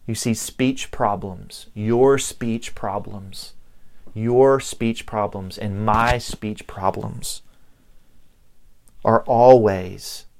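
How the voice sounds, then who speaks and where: A middle-aged Southern man preaching from the pulpit, with a voice pitched a little low. He takes his time, leaning on words and pausing for weight. His drawl softens every line. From Southern United States. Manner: slow, deliberate preaching with emphatic pauses. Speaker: pastor. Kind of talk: sermon.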